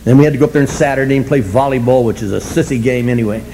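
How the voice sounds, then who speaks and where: At a racing pace and medium pitch, an older man speaks to a recovery meeting audience over background noise. Blunt and colorful, he pokes fun at himself with wry humor and keeps chuckling.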